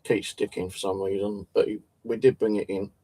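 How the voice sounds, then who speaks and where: A man's voice: on the low side, flat delivery, moderate pace, dark tone, a little hiss or hum. A man telling a story in a casual, rambling way, swearing often and tripping over his words. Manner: swears a lot, restarts and stumbles. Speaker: channel host.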